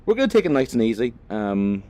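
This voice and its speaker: A man's voice: medium pitch, big pitch swings, quick pace, warm tone. A man, chatting loosely and swearing casually as he plays a driving game for his channel. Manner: rambling, laid-back, sweary, lots of fillers. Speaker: gaming vlogger. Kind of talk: casual commentary while playing a driving game.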